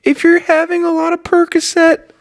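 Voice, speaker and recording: A man putting on the voice of a weepy, whiny middle-aged male self-help lecturer, high and drawn out. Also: monotone, gravelly. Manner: high, drawn-out, crying whine.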